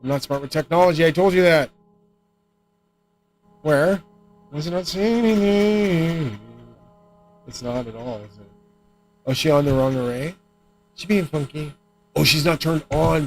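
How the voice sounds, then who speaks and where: A man's voice: a little high, low-quality recording. A man streaming alone, rambling and swearing as he talks. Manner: profane, rambling rant. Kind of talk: rambling livestream talk.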